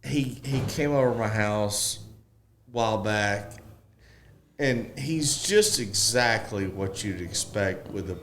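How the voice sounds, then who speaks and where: A man in his forties in casual podcast chat, telling a folksy story and acting out the dialogue with animated pitch jumps. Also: takes it slowly, slight background noise. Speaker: podcast guest, construction expert.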